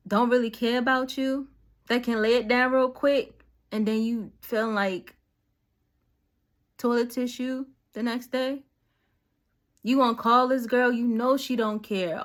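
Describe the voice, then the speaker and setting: A woman's voice: fairly high pitch, fairly bright tone. A woman giving casual, slangy encouragement straight to her viewers, talking directly like a friend with a message. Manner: conversational, slangy, direct and preachy. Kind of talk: casual motivational talk to camera.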